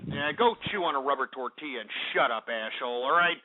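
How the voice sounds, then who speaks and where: A man's voice: medium pitch, animated, quick pace. A man hosting a call-in radio show, ranting in an exasperated way, swearing and repeating himself. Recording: tinny phone-line quality.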